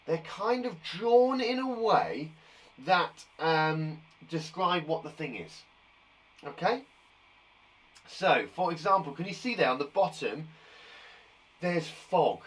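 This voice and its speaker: A man's voice: a little high, expressive, takes it slowly, long pauses, recorded from a distance. Upbeat man teaching young kids. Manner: upbeat, encouraging, chatty. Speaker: primary school teacher. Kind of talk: live online lesson for young children.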